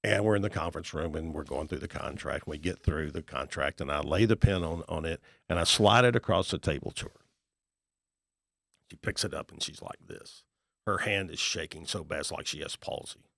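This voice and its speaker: Gravelly low-voiced man telling stories. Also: fairly quick, no room sound, clean studio sound. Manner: folksy, animated storyteller acting out dialogue. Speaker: guest, real estate investor and author. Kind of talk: storytelling in a podcast interview.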